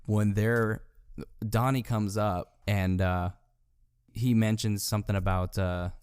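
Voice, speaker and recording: Low-voiced man, relaxed podcast chat. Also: slow pace, clean tone, no echo, clean studio sound. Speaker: podcast co-host. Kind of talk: casual chat about a film.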